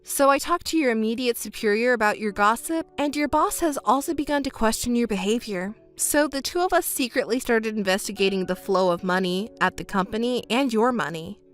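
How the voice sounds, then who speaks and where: A woman's voice: fairly high pitch, brisk, hardly any pauses. A woman voicing a scripted text-story narration, cold and scolding, with faint music underneath.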